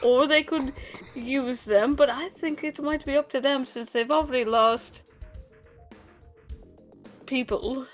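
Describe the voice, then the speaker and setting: Woman player in a dnd game, kinda high voice, excited, music behind. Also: slow, pauses often. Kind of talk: casual chat in a tabletop game.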